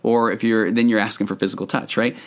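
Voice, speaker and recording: Male podcast host, 40s, lowish voice, relaxed chatty storytelling with lots of "you know"s. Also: fast talker. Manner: chatty storyteller, many fillers. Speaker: marriage therapist and podcast host. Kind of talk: casual podcast monologue.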